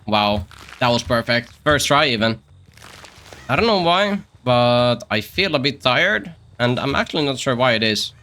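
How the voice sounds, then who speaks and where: A man's voice: mid-range voice, sing-song, measured pace, sharp tone. A man streaming a game, rambling and joking to himself and the other players as he plays. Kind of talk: casual live-stream gameplay commentary.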